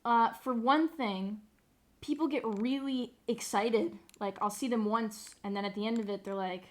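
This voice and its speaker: A woman's voice: fairly high pitch, moderate pace. A young woman streamer chatting casually, rambling, sarcastic and swearing freely. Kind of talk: casual live-stream chat.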